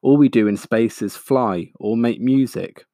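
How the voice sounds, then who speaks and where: A man's voice: mid-range voice, unhurried, dark tone, dry recording, clean studio sound, lightly acted. A man voicing an exhausted, defeated giant male space dragon who pleads and wails. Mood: mournful. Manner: pleading, wailing.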